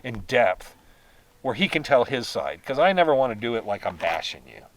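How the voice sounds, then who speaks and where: A man's voice: mid-range voice, sing-song, moderate pace, far from the mic, slight background noise, poor audio. An American man hosting a casual chat, telling stories with laughs along the way. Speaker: podcast host.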